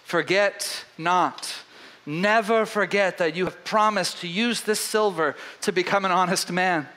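A man voicing a kindly old bishop in a sermon retelling, gentle and forgiving in tone. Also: high voice, unhurried, rough recording. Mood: solemn.

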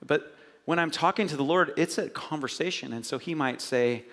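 A man's voice: fairly high pitch, moderate pace, a bit bright. A middle-aged male pastor giving a casual, conversational sermon with self-mocking asides to the congregation. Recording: long hall reverb.

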